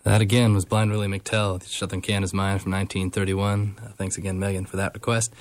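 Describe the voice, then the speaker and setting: A man with a low-pitched voice hosting a radio show. He introduces records casually and often pauses on fillers and restarts. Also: level tone, a little hiss or hum. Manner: hesitant, frequent fillers.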